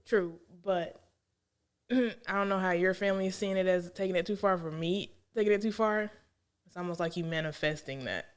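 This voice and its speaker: A woman's voice: lowish voice, moderate pace, clean tone. A woman co-hosting a casual podcast, blunt and playful, laughing often as she talks. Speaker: podcast co-host. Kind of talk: casual chat.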